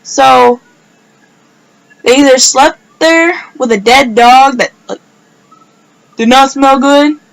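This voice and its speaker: A woman's voice: sits high, takes it slowly, gravelly, pauses often, low-quality recording. A woman telling a personal story in a casual vlog, rambling and filling her speech with "like". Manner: rambling, filler-heavy storytelling with many "like"s. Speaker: vlogger.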